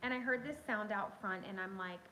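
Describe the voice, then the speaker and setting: A woman hosting a casual livestream from home on her phone, telling a story in an excitable, chatty way and talking straight to her viewers. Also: mid-range voice, brisk, slight background noise, poor audio. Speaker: livestream host.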